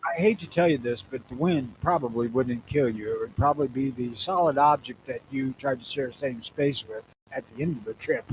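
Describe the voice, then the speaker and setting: A man's voice: mid-range voice, a little fast, hardly any pauses, slight background noise, low-quality recording. A man from the northern US telling stories bluntly as a podcast co-host, swearing freely. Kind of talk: casual crude podcast banter.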